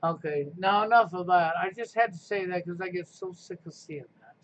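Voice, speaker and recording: A man's voice: sits high, moderate pace. A man hosting a live stream, delivering a combative, sarcastic rant. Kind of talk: ranting live stream monologue. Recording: muffled lo-fi stream audio with faint noise.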